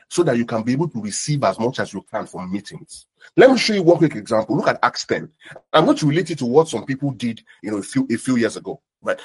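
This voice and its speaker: Young male pastor, husky, animated sermon delivery. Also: mid-range voice. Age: young adult. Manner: animated, repeats words, many fillers.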